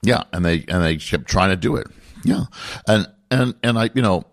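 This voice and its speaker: A middle-aged man, a podcast co-host, chatting casually and telling relaxed stories. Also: sits low, normal speed. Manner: relaxed, storytelling. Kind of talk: casual chat.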